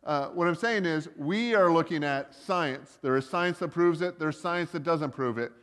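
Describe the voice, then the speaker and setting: A man's voice: a little high, moderate pace, fairly bright tone. Man preaching with casual jokes, hall reverb. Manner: conversational, joking asides, many likes and uhs. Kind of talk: casual sermon storytelling.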